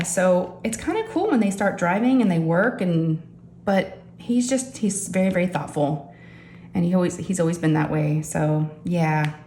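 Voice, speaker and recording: A middle-aged woman chatting casually as a crafting vlogger, animated and talking straight to her viewers. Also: on the low side, a little hiss or hum. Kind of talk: casual storytelling chat. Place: home craft room. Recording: echoey room with faint ambience.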